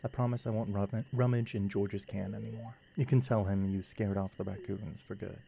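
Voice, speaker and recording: Man reading a soft-spoken, humble game character, earnest, low gravelly tone. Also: fairly even intonation, moderate pace, a little hiss or hum. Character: gentle humble man living in the wild.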